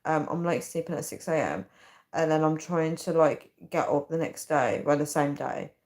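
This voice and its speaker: A woman's voice: low voice, normal speed, a little mellow. A woman in her thirties, tired and chatty, reading out comments on a casual live stream. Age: 30s. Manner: chatty and giggly, often breaking into laughter. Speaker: livestream host.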